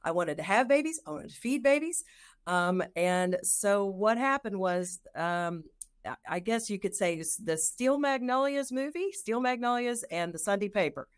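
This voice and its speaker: Middle-aged female nurse guest, expressive storyteller, mid-range voice. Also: mid-range voice, moderate pace, clean tone. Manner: animated, acts out her own past thoughts. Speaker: nurse and lactation consultant guest. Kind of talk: personal storytelling in an interview.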